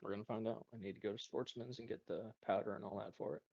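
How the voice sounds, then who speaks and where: A man chatting casually with a friend over a call, calm and practical, with dry humor. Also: fairly low pitch, fast, vocal fry, husky, muffled recording. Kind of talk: casual chat.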